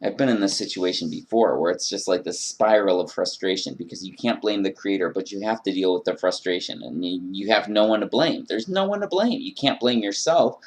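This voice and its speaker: A video blogger delivers an earnest, emphatic religious rant about faith and frustration, acting out his own prayers. His voice sits low and moves a little fast with few pauses.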